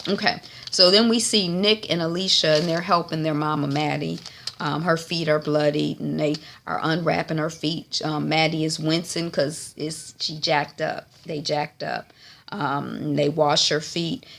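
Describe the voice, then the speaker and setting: Chatty woman with a lowish voice. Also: creaky. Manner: chatty, animated, frequent "um" fillers. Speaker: TV recap vlogger. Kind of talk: casual episode recap.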